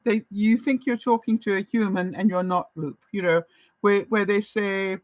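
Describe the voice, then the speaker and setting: A woman's voice: medium pitch, moderate pace, no echo, poor audio. A woman, talking to camera as a vlogger in a chatty storytelling way, often breaking into laughs. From Canada. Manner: animated, chatty, laughs often while telling stories.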